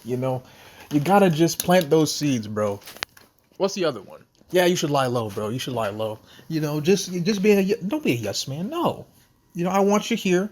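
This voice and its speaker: A man's voice: a little high, a little hiss or hum. A young man casually commenting on a story game, reading its text aloud in a slangy, laid-back way and sometimes talking with his mouth full. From St. Louis area, US. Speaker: gameplay commentator.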